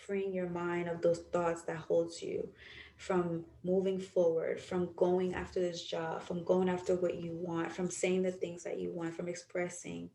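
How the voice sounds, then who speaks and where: A young adult woman podcast host who leads a guided visualization with slow, soothing, drawn-out phrasing. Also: lowish voice, completely flat delivery, vocal fry, warm tone, slight background noise. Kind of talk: guided visualization and reflective talk. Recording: roomy echo.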